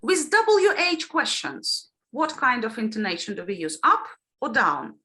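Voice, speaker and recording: A middle-aged woman teaches trainee teachers in an online lesson. Her fairly high voice is bright and clear. It swoops widely as she models intonation and questions the group. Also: a little slow. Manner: lively, demonstrates intonation with questions to the class.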